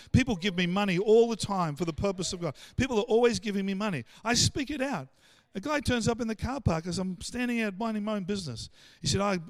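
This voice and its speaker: A man with an Australian accent preaching a sermon, animated and full of stammered restarts as he acts out the voices of the people he quotes. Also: high-pitched, no echo. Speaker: pastor.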